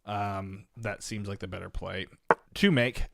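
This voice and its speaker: A young man from Canada, chatting casually as he streams chess, rambling and swinging between low mumbles and loud exasperated bursts. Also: expressive, a little slow, creaky, dry recording. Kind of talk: casual live-stream chat.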